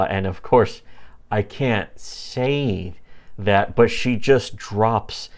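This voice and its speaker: Slow, low-voiced rambling man. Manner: rambling, many fillers, acts out comic characters in quick put-on voices. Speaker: podcast co-host. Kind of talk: casual comedic chat reviewing webcomics.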